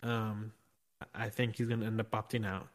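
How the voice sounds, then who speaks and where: A man's voice: fairly low pitch, little pitch movement, moderate pace. Male sports podcast co-host, casual and playful, builds hype. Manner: joking, hyped.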